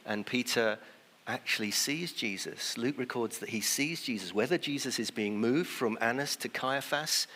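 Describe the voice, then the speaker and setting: A man's voice: medium pitch, bright, forceful tone, a little hiss or hum. A man preaching a sermon in a conversational way, sometimes acting out the people he quotes. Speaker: pastor. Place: church. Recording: long church reverb.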